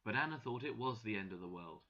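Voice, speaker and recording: Man reading a story for english learners, bright forceful voice, dull lo-fi audio. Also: fairly low pitch, animated, fast talker. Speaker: narrator.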